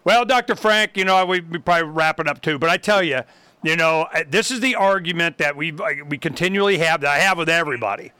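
A man's voice: a little high, fast talker, sharp tone, smooth, dry recording. A man hosting a casual chat, joking and wrapping up with his co-host. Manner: joking, brief interjections. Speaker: podcast host.

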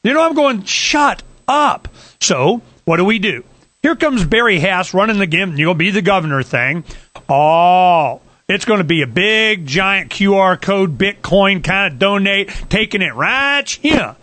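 A middle-aged man hosting talk radio, blunt and animated, with crude and mocking banter. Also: sits high, unhurried, no room sound.

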